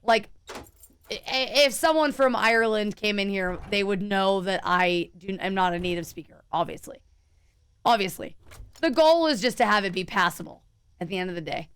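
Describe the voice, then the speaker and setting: A woman's voice: mid-range voice, animated, normal speed, a bit bright, clear, resonant tone. A young woman streaming a game, chatting casually and answering her viewers as she plays. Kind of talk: casual live-stream chat while gaming.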